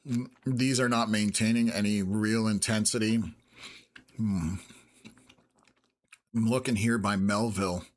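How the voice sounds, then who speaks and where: A man's voice: on the low side, steady tone, unhurried, long pauses. A man in his fifties from Canada, hosting live storm-tracking commentary in a rambling way, full of filler sounds and jumping between topics. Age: 50s. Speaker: weather stream host.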